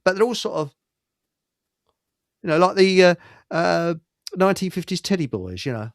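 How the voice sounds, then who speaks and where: A man's voice: high-pitched, lively intonation, a little slow, vocal fry, long pauses, no room sound, clean studio sound. A middle-aged man hosting a casual talk show, telling rambling stories full of restarts. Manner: rambling anecdotes with frequent restarts. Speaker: host.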